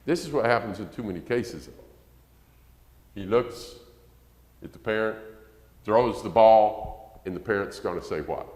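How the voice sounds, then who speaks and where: A man's voice: fairly low pitch, lively intonation, normal speed, pauses often, a little mellow. A man preaching a conversational sermon, acting out quotes and rising to emphasis. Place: church sanctuary. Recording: echoey church hall.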